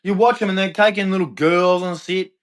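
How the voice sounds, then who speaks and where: High-pitched, heated man ranting. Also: steady tone, brisk. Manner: heated, accusatory, repetitive, profane. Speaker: livestream host. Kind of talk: angry livestream rant.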